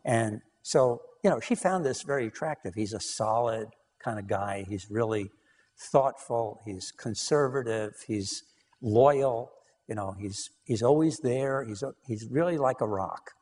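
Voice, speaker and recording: A man's voice: medium pitch, a little slow, a little mellow, long reverb tail. A man giving a conversational lecture on couples research, telling anecdotes and acting out dialogue, with frequent "you know".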